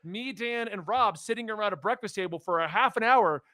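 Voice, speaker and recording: Excitable high-voiced podcast man. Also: a little fast, dry recording, studio quality. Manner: excitable, emphatic. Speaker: podcast host. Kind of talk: casual podcast chat.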